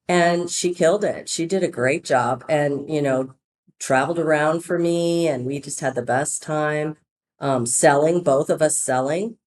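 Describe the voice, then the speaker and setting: Woman w a low voice chatting thru her startup story, acts out the quotes, lively. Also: moderate pace. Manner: chatty, animated retelling with quoted dialogue. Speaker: company founder telling her story. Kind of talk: casual storytelling in a podcast interview.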